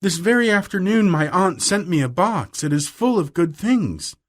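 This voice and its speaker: A timid, slow, kind-hearted schoolgirl in a storybook reading, as a man puts her on. She stammers and hesitates, her voice pushed up high with a lively, rising melody. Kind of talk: audiobook reading.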